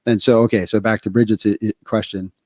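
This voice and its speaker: Middle-aged man, podcast co-host, low voice, dry close sound, candid and rambling. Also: level tone, quick pace, darkish tone, no echo. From United States. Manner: candid storytelling with many fillers. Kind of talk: casual podcast talk.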